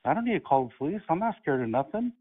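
A man on a prank phone call, calm and mocking, playing innocent. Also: fairly high pitch, racing, husky. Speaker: prank caller. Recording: phone line.

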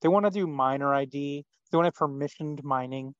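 A man's voice: fairly high pitch, fairly quick, no room sound. Blunt man with dull lo-fi sound. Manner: blunt and dismissive. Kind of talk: casual podcast chat.

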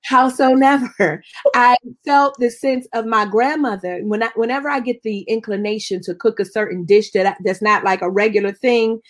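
A woman minister tells her story in an expressive, conversational way. Her voice sits a little higher than most women's. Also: moderate pace. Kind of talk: personal testimony in conversation.

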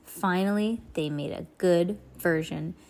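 A woman reading a children's chapter book aloud at home, expressive and chatty, with playful asides to a young listener. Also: lowish voice, a little slow. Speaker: reader of children's books.

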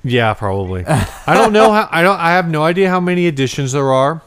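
Man, podcast co-host, smooth resonant voice, rambling, hesitant, casual chat. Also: a little high, animated, fairly quick, a bit bright. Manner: rambling, hesitant, laughs easily.

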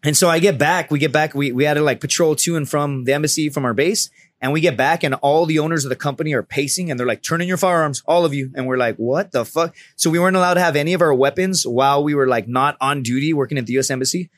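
Male guest, 30s, animated, profane storyteller, fairly high voice, dry close sound. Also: fast talker, no room sound. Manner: animated, profane, acts out quotes loudly. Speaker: podcast guest. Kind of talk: casual storytelling.

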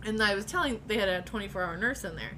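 A woman's voice: mid-range voice, fast talker, pushed and bright, a little hiss or hum. A woman telling a personal story in casual chat, candid and profane, often laughing as she talks.

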